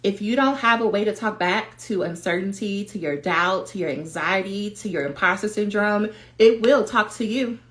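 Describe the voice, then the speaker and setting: A woman giving a livestreamed coaching talk to doctoral students, direct and animated. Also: mid-range voice, normal speed, hardly any pauses. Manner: animated, direct, acts out quoted voices. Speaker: dissertation coach.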